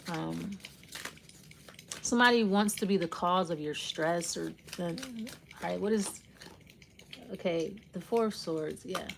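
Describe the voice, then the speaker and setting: A woman with a slightly low voice talks through a tarot spread in a loose, casual way. She rambles and restarts, following her hunches as they come. A faint hiss sits behind her voice. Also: a little slow, vocal fry, long pauses. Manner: rambling and intuitive, often trailing off and restarting. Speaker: tarot reader. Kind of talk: casual spoken tarot reading.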